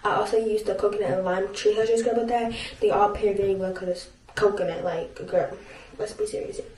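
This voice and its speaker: A woman's voice: mid-range voice, steady tone, fast talker, darkish tone, rough recording. A teenage girl vlogging at home in a casual, rambling way, full of fillers, sometimes venting. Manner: frustrated venting. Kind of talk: casual vlog chat. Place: home, bedroom and bathroom. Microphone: camera mic.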